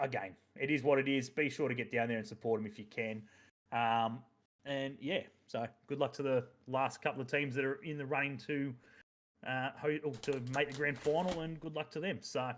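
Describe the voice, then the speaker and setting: Casual man hosting a podcast. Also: medium pitch. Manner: rambling, swears freely, many fillers. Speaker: podcast host. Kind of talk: casual chat.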